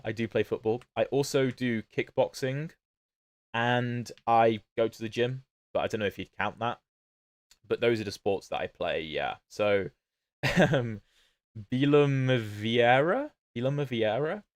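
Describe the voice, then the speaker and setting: A man's voice: medium pitch, measured pace, no room sound. A man with a British accent, not fully standard, casually commenting on his chess games and answering chat on a livestream. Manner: chatty, answers chat questions while playing. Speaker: chess streamer.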